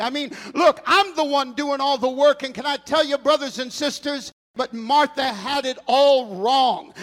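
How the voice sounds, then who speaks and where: A man preaching a sermon in a church, passionate and building to shouted, almost sung lines. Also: extremely high pitch. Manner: impassioned preaching, rising to shouts and a sung cadence. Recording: long reverb in a large hall.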